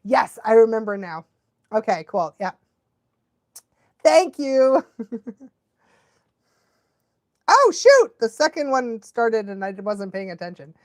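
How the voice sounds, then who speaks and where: A woman's voice: a little high, expressive, measured pace, long pauses, darkish tone, no room sound. A woman dog trainer hosting a casual watch-along live stream, chatty and laughing often, cooing baby talk at a dog now and then.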